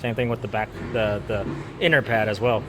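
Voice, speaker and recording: A man's voice: on the low side, steady tone, fairly quick, noisy background. A man working as a mechanic, giving casual how-to narration while he works, rambling and often repeating words and restarting. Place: auto repair shop.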